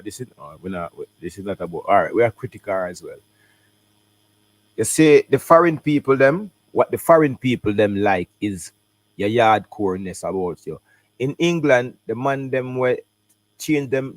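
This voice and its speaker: A Jamaican man hosting a casual reaction stream, talking in patois and English with animated commentary. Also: on the low side, no echo. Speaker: host reacting to an interview.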